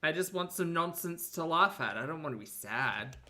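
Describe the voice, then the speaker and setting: A woman's voice: deep voice, normal speed, a little hiss or hum. A woman hosting a livestream, chatting casually, laughing often and thanking viewers. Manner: giggly, animated, thanks super chats. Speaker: livestream host.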